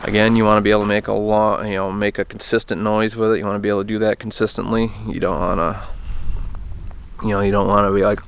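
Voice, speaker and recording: A man's voice: fairly low pitch, little pitch movement, fast, heavy background noise. A man casually teaching a hands-on technique, plainspoken and hesitant, often restarting his sentences. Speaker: turkey call instructor. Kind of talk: casual how-to demonstration.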